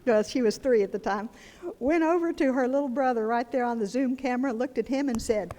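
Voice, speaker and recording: An older woman delivers a lively, joking sermon in a church, her voice set a little high. She swings between animated storytelling and hushed, near-whispered lines. A long reverb trails her words through the hall. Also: brisk, slight background noise. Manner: animated and humorous, dropping to near-whispers for emphasis. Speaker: guest preacher. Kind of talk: conversational sermon. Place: church sanctuary. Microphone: handheld microphone.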